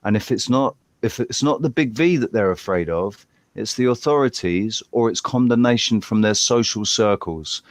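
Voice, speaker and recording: A man rambling through a casual live chat, animated and loose, swearing here and there. He slips into little acted-out voices as he talks. His mic is close and dry. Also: on the low side, normal speed, dry recording. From Western Australia. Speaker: channel host in live group chat.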